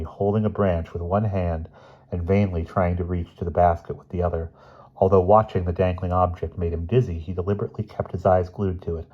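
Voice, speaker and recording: A man reading a children's novel aloud in steady, plain storytelling. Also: low voice, husky. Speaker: reader. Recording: dull lo-fi recording.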